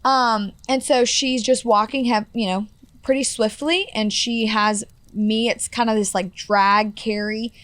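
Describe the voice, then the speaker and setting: A woman's voice: on the high side, fairly even intonation, measured pace, fairly bright tone, no echo. A woman in her twenties telling a personal story as a podcast guest, earnest and full of fillers like "like" and "you know". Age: 20s.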